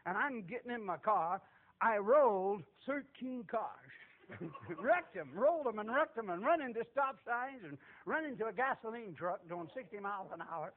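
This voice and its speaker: An older man giving a folksy testimony sermon, animated and repetitive, chuckling as he tells it. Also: sits high, normal speed, phone-quality sound. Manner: animated, repetitive, laughs while telling.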